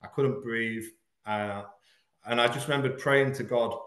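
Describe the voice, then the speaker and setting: In an interview, a Hull-born podcast guest recounts something painful with frank, earnest candor. His steady, middle-pitched voice is a bit bright and picks up a roomy echo. He falters and stumbles where the story gets hardest, yet keeps talking.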